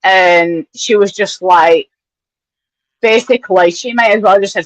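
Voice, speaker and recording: A woman co-hosting a casual podcast chat, talking in quick, repeated restarts and swearing casually. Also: mid-range voice, dry recording, low-quality recording. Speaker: podcast co-host.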